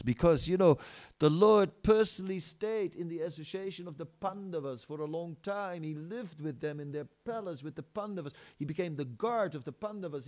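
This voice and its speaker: Guy giving a sermon, telling a story, acts out the characters, repeats stuff a lot, restarts mid-sentence. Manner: animated storytelling, acts out characters' lines with rising pitch; many restarts and fillers, repeats phrases for emphasis. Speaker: preacher.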